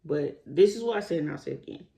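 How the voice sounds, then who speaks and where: Animated man ranting straight to viewers. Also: on the high side, fast talker, gravelly. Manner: animated, rising to indignant emphasis; talks straight to viewers as y'all. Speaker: commentary vlogger. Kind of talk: casual opinion vlog.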